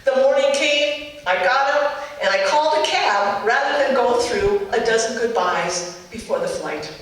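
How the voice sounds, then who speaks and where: A middle-aged woman from Minnesota telling a personal story to a live audience, measured and reflective, in short paced phrases. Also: a little high, heavy reverb, recorded from a distance, poor audio.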